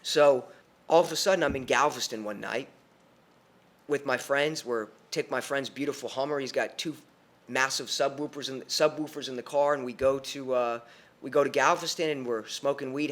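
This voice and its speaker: A young man tells a personal story on a podcast, in an animated way and with many restarts. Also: mid-range voice.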